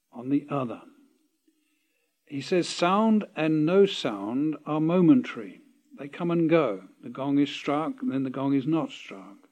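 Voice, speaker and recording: A man reading a parable aloud and explaining it, slow and deliberate with pauses and self-corrections. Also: mid-range voice, a little mellow, muffled recording.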